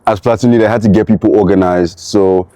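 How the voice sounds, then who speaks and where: A young man speaking as a platoon leader in a measured, plain-spoken way. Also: fairly low pitch, steady tone, mellow, no room sound. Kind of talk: casual storytelling.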